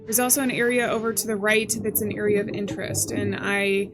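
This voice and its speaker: A woman hosting a let's play, chatting casually and thinking aloud as she plays, with excitable gasps. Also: medium pitch, fairly quick. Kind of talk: casual gameplay commentary. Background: game music.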